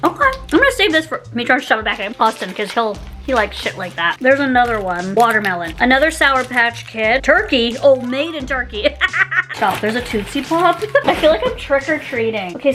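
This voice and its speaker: A young woman chatting casually as she unboxes and taste-tests snacks, giggling often and gushing with excitement. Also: sits high, normal speed, faint music behind. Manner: giggly, gushing, lots of exclamations. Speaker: YouTuber taste-testing snacks.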